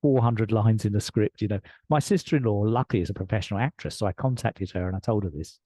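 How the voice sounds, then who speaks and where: A man with an English accent, a guest on a podcast, telling his story in an earnest, reflective way with soft laughs. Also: on the low side, fast talker, no room sound. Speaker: podcast guest, leadership coach. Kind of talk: conversational storytelling.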